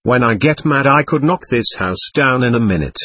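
Man voicing a stubborn angry male spirit, husky, spiky up-and-down delivery, read from a séance transcript. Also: medium pitch, expressive, moderate pace, a bit bright, no echo, studio quality. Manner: defiant, threatening, scornful. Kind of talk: reading a séance transcript aloud.

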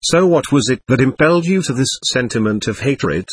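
A man reading the part of an official investigating lawyer who questions in a measured, formal way. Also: medium pitch, lively intonation, husky.

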